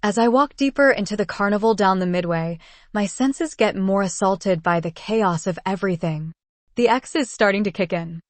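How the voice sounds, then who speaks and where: A woman's voice: medium pitch, normal speed, no echo. A woman casually narrating a first-person story in an unpolished reading style.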